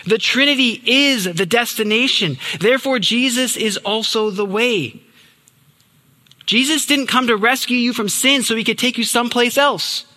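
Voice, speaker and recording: A man's voice: moderate pace, sharp tone. Man preaching in a reverberant hall. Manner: earnest, emphatic, drops low on key words. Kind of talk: sermon.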